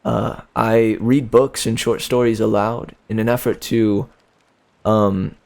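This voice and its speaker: A young man in his twenties chats with his livestream viewers between chapters. He talks slowly and rambles, with slangy asides and frequent laughs. His voice carries a gravelly, creaky texture. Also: fairly low pitch, little pitch movement, darkish tone. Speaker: livestream book reader. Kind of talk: casual chat with viewers.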